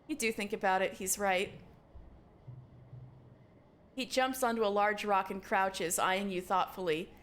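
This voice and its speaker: A woman streaming a video game live, reading its text aloud in a giggly, excitable way. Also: medium pitch, a little slow, long pauses.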